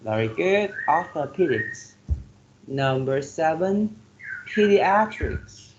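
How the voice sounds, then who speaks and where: A male teacher going through a vocabulary exercise, slowly repeating each word and filling pauses with "like" and "okay". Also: medium pitch, lively intonation, gravelly. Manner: slow, repeats words to drill pronunciation; filler-heavy, says "like" and "okay" often. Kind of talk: classroom lesson on word stress. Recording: dull lo-fi classroom recording with faint noise.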